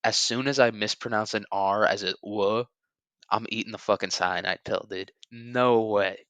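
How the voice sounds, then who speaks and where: A man's voice: lowish voice, fairly even intonation, moderate pace, fairly bright tone, no echo. A man in his twenties hosting a podcast, rambling through a crude, joking monologue full of fillers and chuckles, sometimes saying his R like a W. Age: 20s. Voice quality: sometimes says R like W. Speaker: podcast host.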